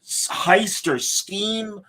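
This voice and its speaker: A man's voice: high-pitched, drawn-out words, bright, forceful tone, rough recording. Chatty man picking apart a show. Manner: enthusiastic, rambling fan critique. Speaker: podcast co-host. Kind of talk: casual chat.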